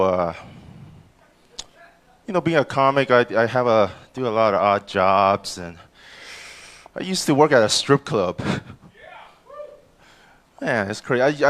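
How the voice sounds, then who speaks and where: A male comedian doing a live stand-up set in a comedy club, stammering on restarts and jumping into loud voices for the people he quotes. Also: lowish voice.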